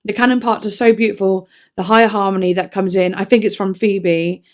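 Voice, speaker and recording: A woman's voice: medium pitch, fairly even intonation, fairly quick. Chatty woman reviewing songs. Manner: chatty, enthusiastic, self-deprecating, trails into soft asides. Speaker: music reviewer. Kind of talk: casual song review vlog.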